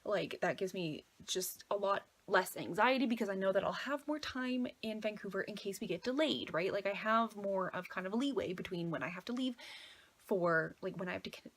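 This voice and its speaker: A woman's voice: medium pitch, fairly quick. A young woman in her twenties, chatty and filling her talk with "like", casually retelling a travel mishap as a vlogger. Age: 20s. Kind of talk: casual storytelling.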